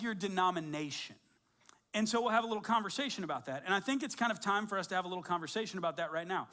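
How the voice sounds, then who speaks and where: A male pastor with a fairly high voice delivers a sermon in a relaxed, chatty way. He leans on "like" and tells stories with lively energy. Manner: casual and conversational, with many "like" fillers and animated storytelling.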